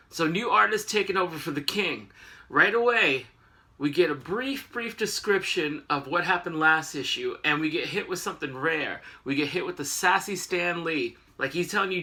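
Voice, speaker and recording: Slangy guy rambling about comics on his vlog, kinda high, super bright voice. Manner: slangy, chatty, digressive. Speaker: host. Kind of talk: casual comic book review vlog.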